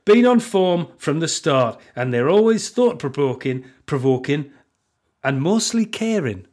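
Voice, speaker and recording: A Mackem-accented reviewer who reads out praise slowly and earnestly, as a man puts the accent on. The pace is drawn out and the pitch sits a little higher than his usual voice. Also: big pitch swings, darkish tone.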